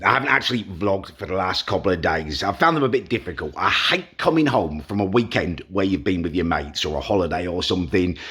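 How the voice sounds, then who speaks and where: A man's voice: low-pitched, fairly bright tone, breathy edge. A young man talking casually to camera in a rambling, self-deprecating vlog. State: hungover. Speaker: vlogger.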